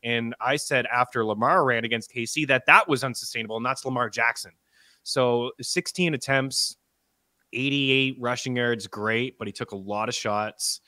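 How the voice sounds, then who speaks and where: A man in casual podcast chat, giving measured analysis and thinking aloud. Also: medium pitch, pushed and bright, no room sound. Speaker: fantasy football analyst.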